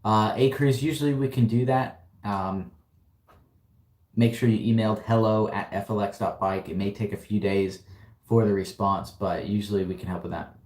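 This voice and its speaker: A man hosts a casual livestream Q&A from a warehouse, reading viewer questions aloud and answering in an upbeat, slangy way with frequent laughter. His voice is fairly low and a bit mellow, and the room echoes.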